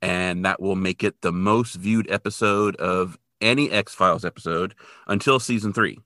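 A man's voice: low-pitched, moderate pace, bright, forceful tone, no echo, clean studio sound. A man co-hosting a podcast, retelling a TV episode in a loose, casual way with lots of filler words. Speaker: podcast co-host.

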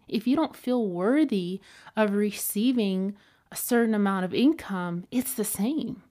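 A woman hosts a self-help podcast at a medium pitch. She talks in a relaxed, chatty way and leans on fillers as she tells her stories. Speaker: podcast host. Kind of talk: casual motivational monologue.

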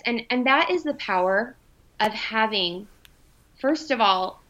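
A young adult woman tells a personal story in casual conversation, animated and emotional, and slips into the voices of the people she quotes. Her voice sits a little high with a bright, forward tone. The recording sounds dull and lo-fi. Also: slow pace. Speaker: podcast guest.

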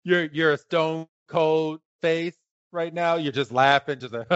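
A man's voice: on the high side, steady tone, slow pace, a bit bright, clean tone, dry recording, muffled recording. A man hosting a casual podcast, joking around and laughing easily with his co-host. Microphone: remote call line.

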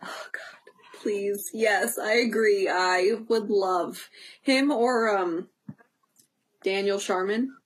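A woman's voice: medium pitch, slow. A woman co-hosting a casual chat, bubbly and teasing, laughing a lot. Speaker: co-host.

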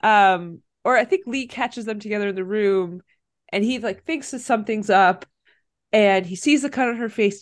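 A woman's voice: medium pitch, normal speed. A woman co-hosting a podcast, casually recapping a film and acting out the characters' lines. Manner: animated, acts out characters' lines. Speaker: podcast co-host. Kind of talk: casual movie recap chat.

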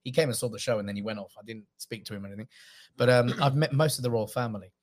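A man, a comedian guest in casual chat, spinning lively anecdotes. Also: medium pitch, very fast. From England. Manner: animated storyteller, acts out quotes.

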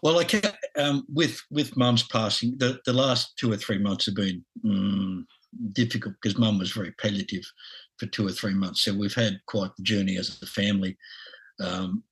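A man in his sixties with an Australian accent, a podcast guest talking haltingly with lots of restarts and chuckles. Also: on the low side, fairly even intonation, husky, low-quality recording. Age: 60s. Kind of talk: casual interview.

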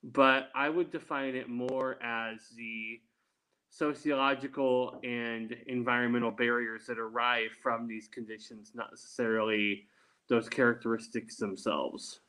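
A man speaks as an interview guest, taking his time over each answer. His voice sits at a middle pitch, and he explains things carefully and deliberately. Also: level tone, bright, forceful tone, poor audio. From Texas. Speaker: guest, attorney.

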